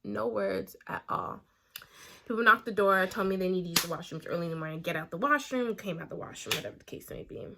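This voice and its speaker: A young woman vlogger telling a casual story time while doing her makeup, animated and chatty, acting out the quotes. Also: mid-range voice, fast talker, vocal fry, noisy background. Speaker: beauty vlogger.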